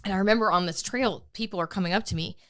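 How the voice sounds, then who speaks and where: A woman's voice: medium pitch, very fast. A young woman co-hosting a podcast, telling a race story casually, acting out her own quotes and swearing freely. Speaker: podcast co-host. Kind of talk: casual chat.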